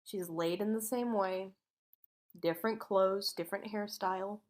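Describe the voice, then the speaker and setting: A woman's voice: medium pitch, steady tone, unhurried. A woman co-hosting a podcast, telling a true crime story in a casual way and acting out what people said. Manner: acts out quotes, sometimes drops to a whisper.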